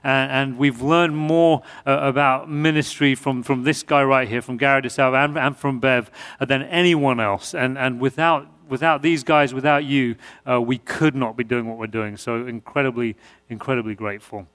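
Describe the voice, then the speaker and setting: A British man preaching as a guest in a church, earnest and prone to restarting his sentences. His mid-pitched voice carries a long reverb from the hall. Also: steady tone, normal speed, fairly bright tone. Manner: earnest, stumbling restarts, repeated words. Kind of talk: sermon.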